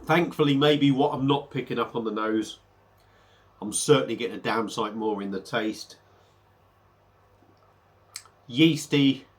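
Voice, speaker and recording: A man chats his way through a home beer review. He rambles a bit, stops and restarts, and sounds slightly under the weather. His voice sits at an ordinary middle pitch. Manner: rambling, chatty, hesitant fillers. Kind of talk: casual beer review vlog.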